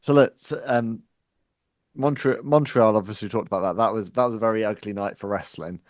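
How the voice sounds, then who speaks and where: A man's voice: fairly low pitch, brisk, no echo, clean studio sound. A man hosting a casual interview, speaking earnestly and reflectively as he leads into his questions. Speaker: interview host.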